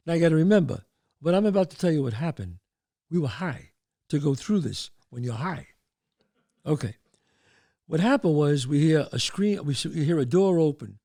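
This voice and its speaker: A man in his sixties with a New York accent tells a story from his past. His pitch is fairly high for a man and swings up and down as he acts out the people in it, shouting their lines. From the Bronx, New York. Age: 60s. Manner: animated storyteller, shouts out quoted voices. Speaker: show host. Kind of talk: storytelling monologue.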